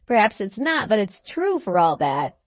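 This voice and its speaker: A woman voicing a hearty, jolly old country gentleman in an audiobook reading, speaking in a booming, exclamatory way. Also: very animated, moderate pace, no room sound, lightly acted. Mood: jovial.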